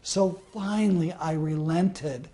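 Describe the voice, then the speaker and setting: A man's voice: a little high, slow pace, mellow. A man in his fifties from Southern California, giving a motivational self-help talk and telling a personal story, with rhetorical questions to the listener. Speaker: motivational speaker.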